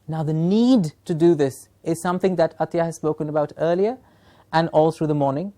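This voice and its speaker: Punjabi woman trainer, fairly low voice. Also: fairly quick, mellow. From Punjab, India. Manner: emphatic, asks rhetorical questions and checks in with "Yes?". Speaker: teacher trainer. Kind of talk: training workshop lecture.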